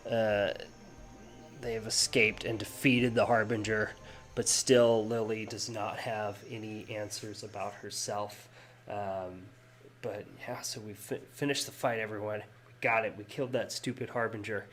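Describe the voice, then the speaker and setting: A man's voice: on the low side, flat delivery, moderate pace, a bit bright, faint music behind. A man narrating a tabletop game session as game master, hesitant with frequent fillers and restarts.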